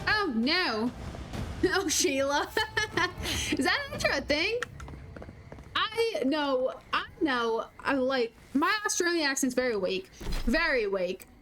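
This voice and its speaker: A woman streamer giving casual gameplay commentary, blurting excited exclamations and mild curses as she plays. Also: sits high, takes it slowly, poor audio. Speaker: gaming streamer. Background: game music.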